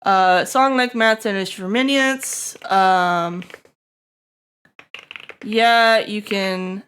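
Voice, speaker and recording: A woman's voice: mid-range voice, drawn-out words, pauses often, fairly bright tone, a little hiss or hum. A young adult woman streaming, chatting casually to her viewers in a rambling way, swearing freely and laughing often. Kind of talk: casual live-stream chat.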